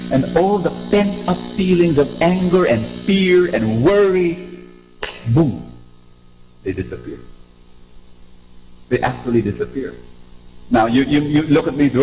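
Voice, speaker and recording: A man giving an animated inspirational talk to a live audience, prompting the crowd to respond. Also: on the high side, low-quality recording. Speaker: preacher.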